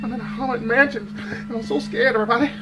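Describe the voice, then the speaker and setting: Man playing a scared, whiny male vlogger creeping through a haunted house; high voice, nervous hush, tags "everybody" on everything, music playing loud underneath. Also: steady tone, quick pace. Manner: ends nearly every sentence with "everybody"; fearful, hushed narration. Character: jittery male ghost-hunting vlogger, jumpy and whiny.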